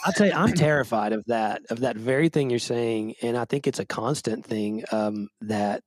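A man's voice: medium pitch, moderate pace, no room sound. A man who is a pastor, talking earnestly and self-deprecatingly in a podcast conversation, often restarting his sentences. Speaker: pastor and book co-author.

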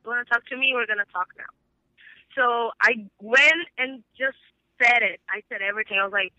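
A woman's voice: a little high, brisk, no echo. A woman, calling in and retelling a fight in heated, swearing bursts. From Brazil. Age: 20s. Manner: heated, swearing storyteller who acts out quoted dialogue. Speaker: caller. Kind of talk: casual phone call. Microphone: phone. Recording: bright thin phone line.

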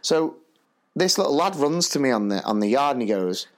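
A man co-hosts a casual podcast and spins his stories in a chatty, slangy way. His voice swoops up and down with lively intonation at a medium pitch. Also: brisk. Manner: animated, chatty, slangy storyteller. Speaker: podcast co-host and primary school teacher. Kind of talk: casual storytelling chat.

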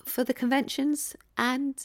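A woman's voice: high voice, level tone, unhurried, noisy background. A woman moderating a podcast, reading out listener questions with light, dry asides. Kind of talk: casual chat.

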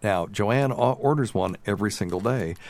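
A man hosting a radio show, telling funny family stories and breaking into shrill impressions of his mother-in-law. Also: normal speed, darkish tone. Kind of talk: casual storytelling chat.

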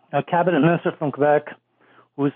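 A man's voice: a little high, fairly even intonation, normal speed, creaky, dry recording. A man calling in to a radio show to ask a question, hesitating often with fillers. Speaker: caller. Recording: phone-line audio.

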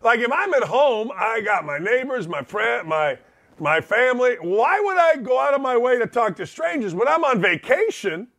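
A middle-aged man with a fairly high-pitched voice runs a casual radio monologue. He jokes freely and slips into little acted snippets of dialogue as he talks. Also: normal speed. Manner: animated, joking, acts out quoted voices. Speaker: radio talk show host.

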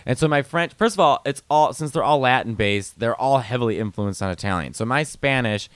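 A man talking in a casual podcast chat, animated and playful, dropping into quick foreign phrases and silly voices. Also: medium pitch, clear, resonant tone, dry recording. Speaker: comedian guest.

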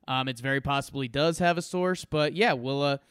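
A man's voice: medium pitch, a little fast, fairly bright tone, clean tone, no room sound, studio quality. A man co-hosting a podcast, chatting casually and chiming in with short agreeing replies. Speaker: podcast co-host.

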